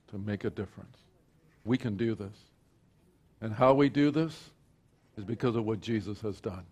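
Man preaching a rousing sermon. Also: lowish voice. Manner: swings from rousing declarations to quiet storytelling. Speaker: pastor.

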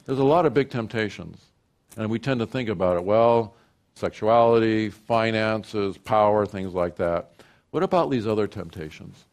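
A male pastor preaching a sermon, swinging from quiet reflective talk to loud, high, animated passages where he acts out imagined prayers. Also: moderate pace.

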